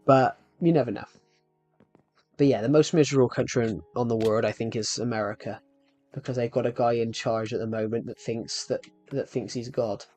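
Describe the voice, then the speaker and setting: Faint music plays behind a man whose medium-pitched, darkish voice moves a little fast with fairly even intonation. He's gaming on a live stream, chatting loosely and addressing his audience directly.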